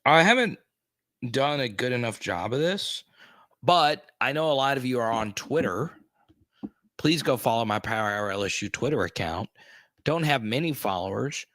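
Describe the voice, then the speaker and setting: A man hosting a casual livestream, chatting with viewers and greeting them by name with bursts of excitement. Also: medium pitch, normal speed, dry recording, clean studio sound. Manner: excitable, greets chatters loudly, many restarts. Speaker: host.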